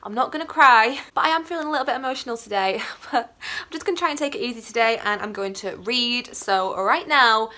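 Young woman, booktuber, high bright voice, gushing and rambly vlog chat. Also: a little fast.

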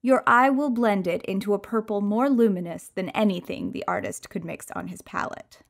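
A woman reading a first-person audiobook, expressive and moving between hushed and excited passages. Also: mid-range voice, normal speed, gravelly. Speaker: audiobook reader.

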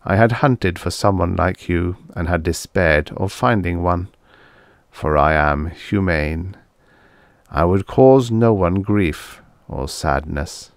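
Male reader doing a low, slow, serenely menacing spaceship mind for an audiobook, dry and close. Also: dry recording. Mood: calm menace. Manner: calm, measured, quietly pleased. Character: calm, sinister spaceship brain, cheerfully menacing.

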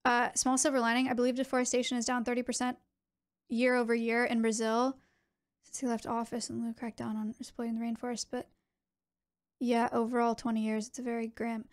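A young adult woman streaming, chatting casually with her viewers in an animated way, with quick asides. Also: on the high side.

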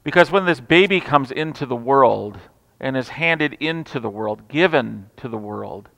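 A man preaching a Christmas Eve sermon, telling stories with humor and swinging from loud declarations to hushed asides. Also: medium pitch, smooth. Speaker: pastor. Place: large church sanctuary. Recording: reverberant church hall.

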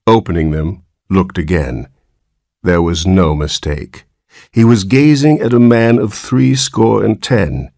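A man narrating a story slowly and clearly for English learners. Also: sits low, no room sound, clean studio sound. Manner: slow, clear, expressive reading.

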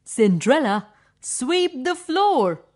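A woman's voice: high-pitched, big pitch swings, slow, darkish tone, heavily acted. A woman voicing spoiled, mean young stepsisters who make haughty demands in a children's story.

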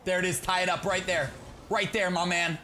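A young man chatting through live gameplay, talking to his teammate and breaking into excited shouts. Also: high-pitched, brisk. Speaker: gaming YouTuber. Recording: background noise.

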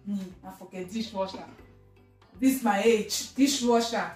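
A woman's voice: medium pitch, unhurried, a little mellow, echoey room, distant mic, soft background music. A woman with a Nigerian accent acting in a comedy sketch, talking in a whiny, pleading, playful way. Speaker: comedy sketch performer playing younger sister.

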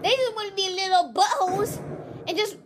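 A woman giving excited gameplay commentary, yelling loud reactions and trash talk at the game. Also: very high-pitched, a little fast, very noisy.

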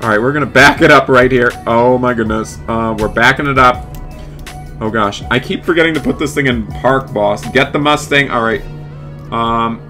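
A man's voice: mid-range voice, moderate pace, sharp tone, faint music behind. A man hosting a gaming channel, narrating role-play gameplay step by step and chatting to in-game characters. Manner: eager, narrates each move and chats to in-game characters.

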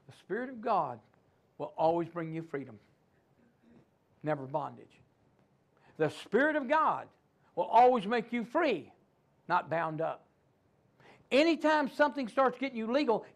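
A man preaching a sermon as pastor, animated, acting out quick voices and asides to the congregation. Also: very high-pitched.

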